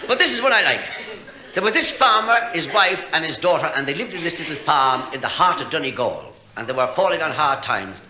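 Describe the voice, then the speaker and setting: A man's voice: a little high, animated, fairly quick. An Irish man telling jokes on stage to a live audience, chatty and chuckling at his own punchlines. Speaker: stand-up comedian. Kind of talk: live stand-up storytelling. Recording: echoey live room, faint hiss.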